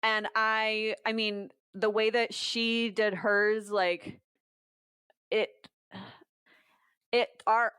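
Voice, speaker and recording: A young adult woman, a podcast guest, telling her story quickly and acting out quoted dialogue. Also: mid-range voice, a bit bright, clear, resonant tone, dry recording, clean studio sound. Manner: fast storytelling, quoting others in dialogue. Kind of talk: podcast conversation.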